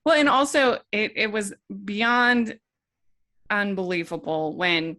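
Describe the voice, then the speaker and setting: Slow, bright, and forceful, a woman's mid-range voice comes through in a dry recording. She hosts a review podcast in a chatty way, restarting often and saying "like" a lot while working through her critique.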